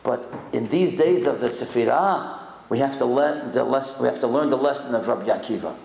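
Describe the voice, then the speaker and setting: A man giving an animated sermon, telling stories and swinging from high excited calls to low solemn tones. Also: a little fast, gravelly, reverberant. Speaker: rabbi giving a talk.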